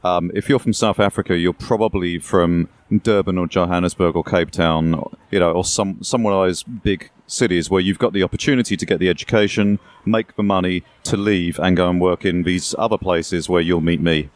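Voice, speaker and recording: Deep-voiced English man explaining at length. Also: steady tone, moderate pace, hardly any pauses. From England. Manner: explanatory, storytelling with asides and hyperbole. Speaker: guest. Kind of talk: conversational interview.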